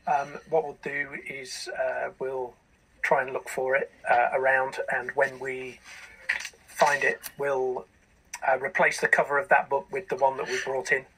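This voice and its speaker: A man playing in a tabletop game, planning out loud with fillers. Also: mid-range voice, little pitch movement, normal speed, breathy edge, poor audio. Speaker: player. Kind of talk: casual role-play.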